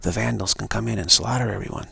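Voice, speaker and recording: A man's voice: lowish voice, fast talker, vocal fry, bright, forceful tone, breathy edge, no room sound. A man giving an emphatic, repetitive live-streamed monologue, warning his listeners again and again. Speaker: speaker of a live-streamed show.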